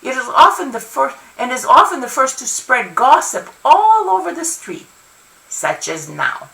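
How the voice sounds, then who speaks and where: A woman author reading her own novel aloud in an expressive first-person narration. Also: sits high, measured pace, creaky. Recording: roomy, from far off.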